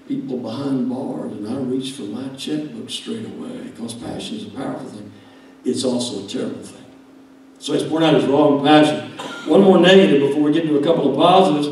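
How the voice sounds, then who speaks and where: A middle-aged man, preaching a sermon in a folksy, joking way that swings from quiet asides to loud shouting. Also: medium pitch, fairly quick, a little hiss or hum. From Alabama. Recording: echoey church hall from far off.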